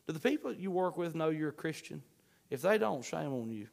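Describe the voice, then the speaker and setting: A man preaching a sermon, fervent, swinging between shouts and hushed pleading. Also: on the high side, animated, a little fast, vocal fry. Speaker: pastor. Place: church sanctuary. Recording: long hall reverb.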